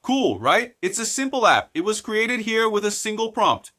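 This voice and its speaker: Bright-voiced man walking through a tech tutorial. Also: high voice, very animated, moderate pace, dry recording, studio quality. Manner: step-by-step explaining, addresses viewers as guys. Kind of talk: screen-recorded software tutorial.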